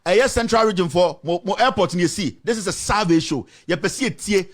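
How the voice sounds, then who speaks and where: Fiery high-voiced Ghanaian radio host. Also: male voice, animated, fairly quick. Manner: fiery, mixes English with Twi. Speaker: radio talk show host. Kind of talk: heated political talk radio.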